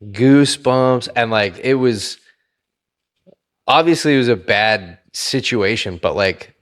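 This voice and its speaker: A man's voice: lowish voice, expressive, measured pace, a bit bright. A man co-hosting a casual podcast chat, talking loosely with plenty of fillers, swearing and frequent laughter. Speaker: podcast co-host.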